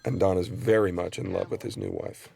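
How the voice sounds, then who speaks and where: Brief: man, low gravelly voice, laid-back rambling commentary, jokes a lot. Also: fairly quick, dark tone, slight background noise. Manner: joking, rambling with fillers. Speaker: actor giving audio commentary. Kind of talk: casual film commentary.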